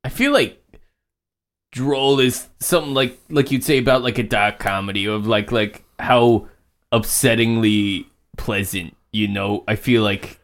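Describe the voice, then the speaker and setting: A man's voice: medium pitch, measured pace. A man playing a tabletop game, cursing freely and mixing his character's lines with casual chat. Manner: swears a lot, mixes in-character lines with chat. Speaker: player. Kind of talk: casual tabletop role-play.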